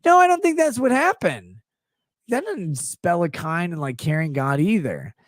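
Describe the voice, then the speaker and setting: Profane, animated male streamer riffing. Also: sits high, moderate pace, dry recording. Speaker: livestream host. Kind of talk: casual irreverent monologue.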